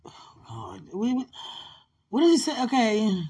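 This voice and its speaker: A woman with a husky, breathy voice leading an emotional live prayer session. She speaks slowly and deliberately. She is tearful and sighs often, and she calls her listener sweetheart. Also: on the high side, big pitch swings, darkish tone. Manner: tearful, sighing, laughing through prayer. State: crying.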